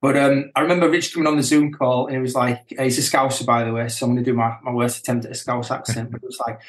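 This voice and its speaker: A man's voice: mid-range voice, fast. Laid-back man in an echoey room. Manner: relaxed, chuckling, self-correcting. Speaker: band member, guest. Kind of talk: casual chat.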